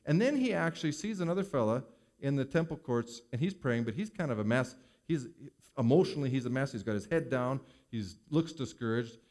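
Expressive male pastor preaching. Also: fairly high pitch, moderate pace. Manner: expressive, swings between loud emphasis and hushed asides. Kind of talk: sermon.

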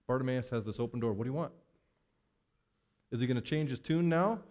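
A man's voice: mid-range voice, fairly quick, a little mellow. Preaching man asking rhetorical questions. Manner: preacher's rhythm, rhetorical questions, voices Bible figures in quotes. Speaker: pastor. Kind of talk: sermon.

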